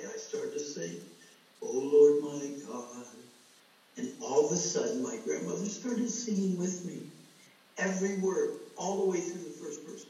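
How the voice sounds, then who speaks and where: Middle-aged man, sermon, earnest storytelling, a touch high-pitched, very echoey hall. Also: dark tone, distant mic, slight background noise. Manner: storytelling, earnest, addresses the congregation as folks. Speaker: preacher.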